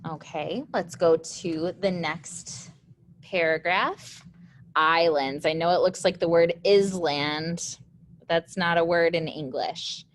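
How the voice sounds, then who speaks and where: A woman's voice: on the low side, slow pace, slight background noise. A young woman, teaching a recorded lesson patiently, step by step.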